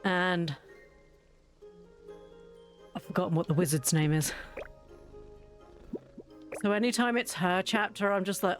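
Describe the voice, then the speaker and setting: A woman's voice: mid-range voice, moderate pace, pauses often, faint music behind. A woman streaming a game, chatting casually with viewers in a giggly, self-mocking way.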